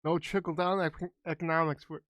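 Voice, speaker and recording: Male podcast co-host, a bit high-pitched, talkative explainer, dry close recording. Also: flat delivery, fairly quick, a bit bright, no echo. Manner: talkative, explains at length with restarts and swearing. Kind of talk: casual chat.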